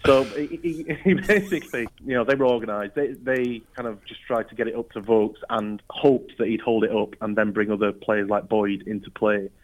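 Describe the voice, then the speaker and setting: A man's voice: fairly low pitch, level tone, normal speed, hardly any pauses, a little mellow, rough recording. A male football reporter with a cold, talking through a match in a rambling way. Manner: rambling, many restarts and fillers. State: has a cold. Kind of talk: casual football chat.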